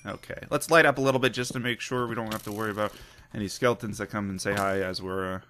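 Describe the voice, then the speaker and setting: A man hosting a let's play who gives casual, excitable commentary with lots of laughs and jokes at his own expense. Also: on the low side, fast, slight background noise. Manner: excitable, self-mocking, laughs often.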